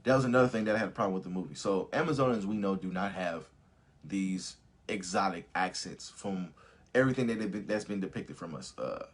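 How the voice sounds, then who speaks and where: Brief: male live-stream host, lower voice, loose, profane, laughs a lot. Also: a little fast, breathy edge. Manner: animated, profane, laughs often; reads viewer comments aloud. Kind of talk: casual live commentary with viewers.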